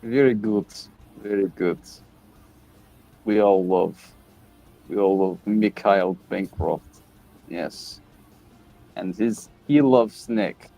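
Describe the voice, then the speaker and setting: A man's voice: fairly low pitch, takes it slowly, vocal fry, long pauses, warm tone. A man hosting a casual chat while drawing, playful and goofy, with mock-offended banter. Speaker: host.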